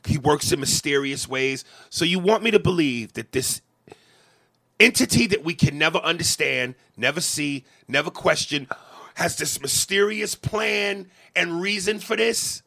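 Guy in his 40s venting on a podcast, gravelly, bright edgy tone, swears a lot, keeps restarting. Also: high-pitched, animated, measured pace. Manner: passionate, profane, stammering restarts. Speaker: podcast co-host. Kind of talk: emotional podcast rant.

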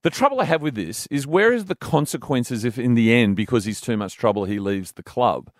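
A man's voice: medium pitch, expressive, a little fast, dry recording, clean studio sound. An Australian man hosting sports radio, opinionated and emphatic in his banter. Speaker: radio host. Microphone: studio microphone.

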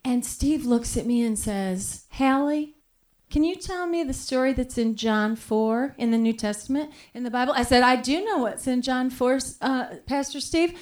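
A woman's voice: high voice, normal speed, a little mellow, lightly acted. A woman playing a naive, self-righteous churchgoing lady, telling a story in a sweet, earnest way on a live comedy stage. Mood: chatty. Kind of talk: live comedy podcast character monologue.

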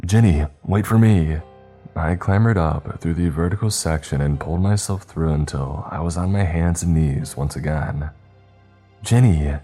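A man reading a first-person story aloud in a steady, measured way. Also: rumbling low, slightly rough, faint music behind. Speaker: narrator.

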